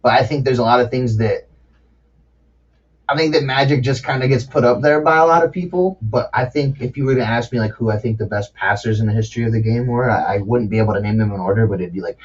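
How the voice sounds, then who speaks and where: A man with a medium-pitched voice and a quick pace hosts a casual podcast, speaking loosely, swearing, and laughing often. It's captured in dull, lo-fi audio.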